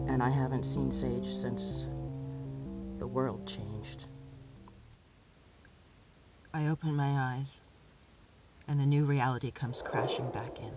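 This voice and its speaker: An actress playing a weary captive woman held by aliens, narrating her own story in the first person with a measured, often quiet and inward delivery. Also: very deep voice. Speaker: narrator and lead character. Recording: steady background ambience noise.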